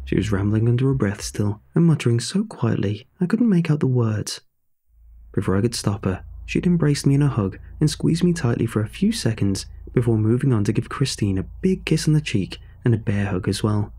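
A man narrating a horror story in a measured, scripted storytelling delivery, with faint music behind. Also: medium pitch, big pitch swings, dark tone, breathy edge.

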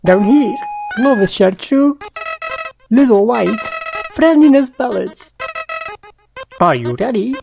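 Girl doing a chirpy sing-song evil flower guy, way higher than her normal voice, game music behind. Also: very animated, takes it slowly, creaky, long pauses, heavily acted. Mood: sugary. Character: sly sugary male talking flower, secretly cruel.

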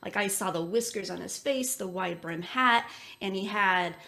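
Woman, medium, interview guest, chatty storytelling, lots of ums, mid pitch. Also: moderate pace, gravelly, pushed and bright. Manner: chatty, many fillers. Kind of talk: casual storytelling.

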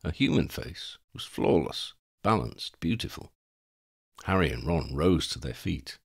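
Deep guy reading a story aloud, really animated delivery. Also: a little slow, creaky, husky. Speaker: audiobook reader. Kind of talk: fan fiction audiobook narration.

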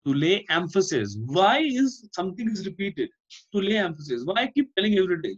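A man's voice: high-pitched, very animated, a little fast, husky, lo-fi sound. A male teacher with an Indian English accent, giving an online class and explaining by repeating himself and asking "Fine?". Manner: explains by repetition, often asks "Fine?".

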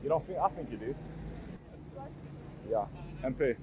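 A man's voice: medium pitch, animated, normal speed, pauses often, a crowd in the background. A young man, bantering and teasing strangers on a busy in casual vlog style.

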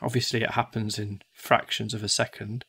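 A man's voice: on the low side, little pitch movement, normal speed, creaky, pushed and bright, breathy edge. A man from the UK teaching one-to-one in a casual, chatty way, often acting out devices in silly voices. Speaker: tutor.

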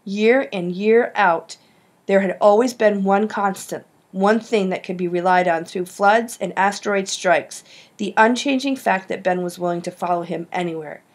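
A woman reading a children's novel aloud, with lively shifts in pitch on the dialogue. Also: normal speed. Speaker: audiobook reader. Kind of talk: storybook narration.

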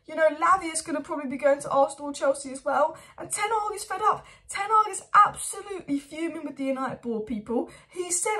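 High-voiced woman ranting about her club. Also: pushed and bright. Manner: exasperated, ranting, rapid rhetorical questions. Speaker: football channel host. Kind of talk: opinionated fan commentary vlog.

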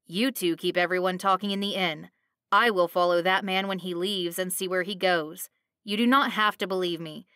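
Woman doing a calm young man adventurer, lowered voice, measured, dry close sound. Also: dry recording, natural voice. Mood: earnest.

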